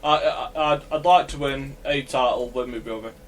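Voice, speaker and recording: A man's voice: medium pitch, moderate pace, recorded from a distance, slight background noise. A man, a podcast co-host, joking in casual chat with stumbling restarts.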